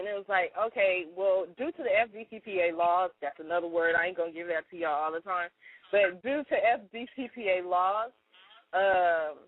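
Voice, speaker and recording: A woman with a fairly low voice co-hosts a radio show, telling stories in chatty, casual comedic banter and laughing often. The sound is dry and narrow, like a phone, with no echo.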